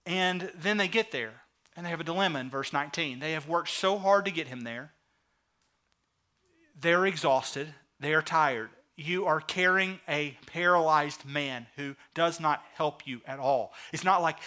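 A male pastor preaching a sermon, retelling the story with lively acted-out asides. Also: a little high. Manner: animated storytelling, acting out the characters in quick asides.

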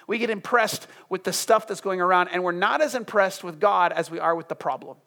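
A man preaching a sermon to a congregation, firing off emphatic questions and then dropping into soft, hushed prayer. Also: high-pitched, fairly quick, gravelly. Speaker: pastor. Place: church room with congregation. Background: soft music.

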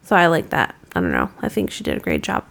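A woman's voice: low voice, wildly swooping pitch, fast talker, vocal fry, a bit bright. A woman in her thirties co-hosting a casual movie-review podcast, blunt and swearing freely. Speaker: podcast co-host.

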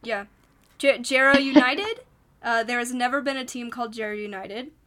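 A woman's voice: a little high, moderate pace, a bit bright. A woman co-hosting a podcast in casual chat, rambling with many ums and frequent giggles. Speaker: podcast co-host.

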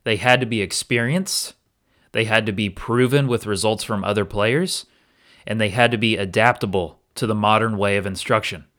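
On his solo podcast, a man speaks at a moderate pace in a low-leaning, fairly bright voice. He reflects on his personal experience with earnest candor, sometimes restarting a sentence.

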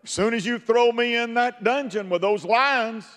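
A man preaching voices a faithful prophet calmly reassuring a king with fervent certainty. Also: extremely high pitch, normal speed, big-room sound, pitched above the performer's own voice. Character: calm faithful male prophet, serene and sure.

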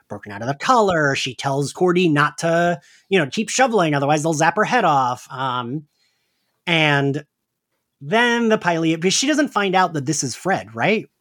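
A man's voice: on the high side, a bit bright. A man co-hosting a podcast in casual chat, rambling with lots of "like"s and frequent laughs. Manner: chatty, laughs often, rambling with many "like"s. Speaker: podcast co-host.

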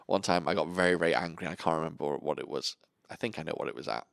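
With an extremely low, gravelly voice, a podcast host rattles off animated stories at a fast clip, swearing freely and performing characters' voices. There's no echo on the recording.

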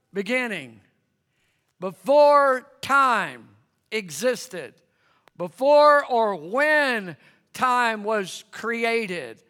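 A man's voice: high voice, pushed and bright, clear, resonant tone. A man preaching a sermon, calling on the congregation to answer him. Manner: conversational, calls for congregation to respond. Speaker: pastor. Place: church hall with congregation. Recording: long hall reverb.

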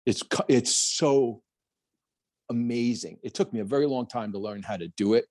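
A middle-aged man from New Jersey, United States, a plein air painter and podcast guest, narrates a story at normal speed in a husky, slightly breathy, mid-range voice. He animatedly performs the voices of others, recorded dry and close with no room sound.

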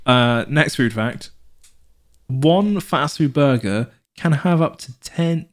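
A man's voice: on the high side, expressive, slow. A man co-hosting a podcast in casual chat, rambling and restarting himself, animating anecdotes with put-on voices. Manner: rambling, self-correcting, lots of fillers and restarts. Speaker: podcast co-host.

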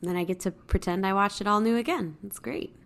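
A woman's voice: mid-range voice, a little fast. A woman co-hosting a podcast in casual chat, dry and matter-of-fact. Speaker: podcast co-host.

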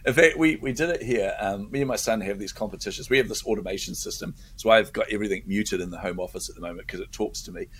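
A middle-aged man, a guest entrepreneur, chatting in an interview and telling stories with animated energy, laughing often and repeating words. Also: lowish voice, fast talker, hardly any pauses, slight background noise. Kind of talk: casual interview chat.

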